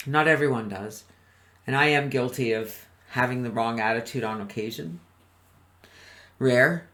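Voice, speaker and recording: A man's voice: mid-range voice, a little slow, fairly bright tone. A man presenting a motivational webinar in an upbeat way, often chuckling and putting questions to his audience. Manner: chuckles between points.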